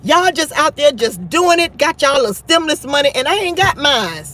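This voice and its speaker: A woman's voice: high voice, sing-song, moderate pace, fairly bright tone. A woman hosting a casual livestream, chatting with viewers, laughing often and trash-talking bluntly. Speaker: livestream host.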